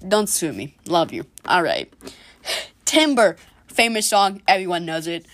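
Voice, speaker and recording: A woman's voice: fairly low pitch, sing-song, a little slow, a bit bright, no room sound. Woman, solo comedy podcaster, sarcastic and sweary, dry close sound. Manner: sarcastic, profane, jokey. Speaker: podcast host. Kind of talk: casual comedic monologue.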